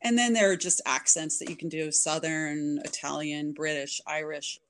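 A woman author chatting as an interview guest, animated and full of ums. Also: deep voice, moderate pace, a little hiss or hum. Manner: animated, many ums, demonstrates voices. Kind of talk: casual interview chat.

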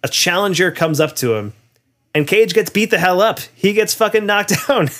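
A man's voice: sits high, expressive, normal speed, fairly bright tone. Casual man retelling a movie plot. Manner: rambling, filler-heavy, laughs often.

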